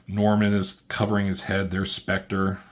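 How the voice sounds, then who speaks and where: A man giving a casual, excited comic book review, swearing freely as he walks through the pages. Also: low-pitched, measured pace. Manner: excited, loose, swears often.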